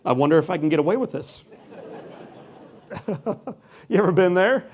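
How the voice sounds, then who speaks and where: A man in his forties, from the United States, giving an inspirational keynote speech to a live audience in a large hall. He tells his story with dramatic pauses, dropping to a hush and then rising loud. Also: high voice, animated, slight background noise. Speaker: keynote speaker.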